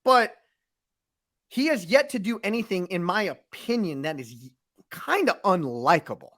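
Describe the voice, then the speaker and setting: Lively high-voiced man recapping a fight. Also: moderate pace. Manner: expressive storyteller, emphatic. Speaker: co-host, sports commentator. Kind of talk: casual sports talk.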